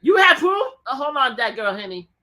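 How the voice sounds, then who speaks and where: A woman hosting a livestream, talking loudly and repeating her demands in a heated argument. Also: high-pitched, very animated, moderate pace. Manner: loud, repeats pleading commands. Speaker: livestream host.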